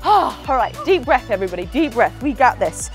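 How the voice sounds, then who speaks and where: A woman's voice: a little high, sing-song, fairly quick, faint music behind. A woman with an English accent leading a group workout, upbeat and laughing often as she counts down reps and chats with her trainers. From England. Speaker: fitness instructor. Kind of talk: leading a workout, chatty cues.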